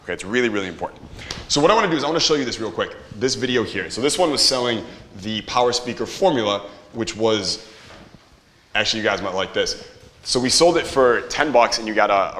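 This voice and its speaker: Young guy lecturing a room full of people, pumped up, keeps firing questions at the crowd, kinda low voice. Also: fast, slight background noise. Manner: energetic, quizzes the audience, swears casually. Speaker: marketing workshop instructor. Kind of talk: live workshop teaching to an audience. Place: room with a live audience.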